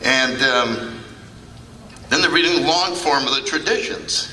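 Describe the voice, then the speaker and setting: A man's voice: medium pitch, a little slow. Older guy cracking stories at a big convention, long hall reverb, a bit far off the mic. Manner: humorous, anecdotal, acts out quoted remarks. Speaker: recovery meeting speaker. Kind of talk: storytelling talk to a convention audience. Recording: echoey hall, picked up from a distance.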